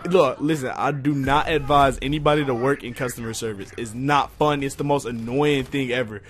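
A young man venting to his viewers in a profane, exasperated rant, going quiet when he calms down. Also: brisk, hardly any pauses. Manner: profane, exasperated, jumping pitch when heated. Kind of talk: casual rant to camera.

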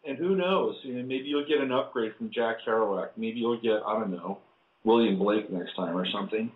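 A man's voice: on the low side, normal speed. Easygoing male radio host on tinny line. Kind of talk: casual radio chat. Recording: tinny phone-like sound in a roomy space.

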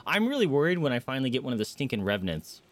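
Animated streamer man yelping at his game. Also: medium pitch, racing. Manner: rambling, jumps to startled yelps and shouts. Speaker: gaming streamer. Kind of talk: live gameplay commentary.

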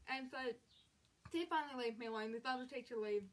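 A young woman in her late teens vents through a storytime rant, her voice sitting a touch high. She retells each clash with emphatic exasperation, leaning hard on the words that annoyed her. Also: fast talker. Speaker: vlogger.

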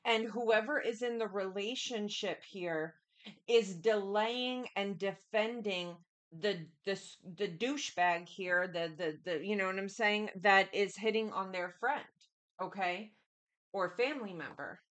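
A woman's voice: medium pitch, measured pace, fairly bright tone. Chatty woman giving a tarot reading. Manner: chatty, repetitive, keeps addressing the listener directly. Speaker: tarot reader. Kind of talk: casual tarot reading to viewers.

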